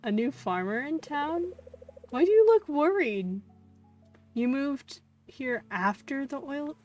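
A woman's voice: high-pitched, big pitch swings, slow, a little mellow, faint music behind, full character voice. A woman reading out the lines of a friendly young woman villager from a farming game, in a light, close-to-plain voice.

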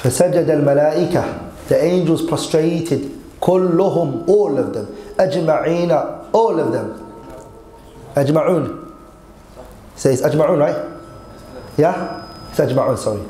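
A man's voice: on the high side, fairly quick, pauses often, mellow, echoey room, poor audio. A man teaching Arabic grammar in an online lesson, quizzing his students and mixing Arabic quotes with English.

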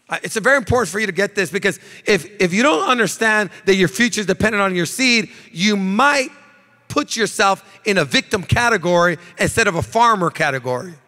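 A man preaching from the pulpit with a high voice, repeating phrases and lifting them into shouted, sing-song emphasis. His sermon rings with the long reverb of a church hall. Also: lively intonation, normal speed. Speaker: pastor. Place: church sanctuary.

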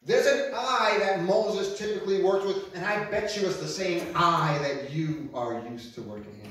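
This pastor's sermon is conversational and repetitive, and he keeps asking his listeners questions, speaking alone to a camera. His high-pitched, somewhat bright voice moves at a normal pace with hardly any pauses, and the distant mic picks up a very echoey large room.

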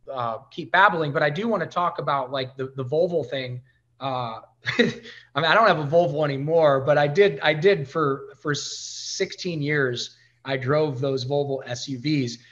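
A man talking as a podcast guest, telling stories in an animated way and acting out the dialogue. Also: on the high side, muffled recording. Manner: animated storyteller who acts out quoted dialogue. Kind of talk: casual storytelling interview.

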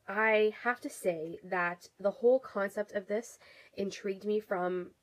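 A woman's voice: mid-range voice, measured pace, low-quality recording. A woman with a cold and a congested voice chats through a casual beauty product review, rambling with lots of ums and restarts. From Canada. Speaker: beauty vlogger.

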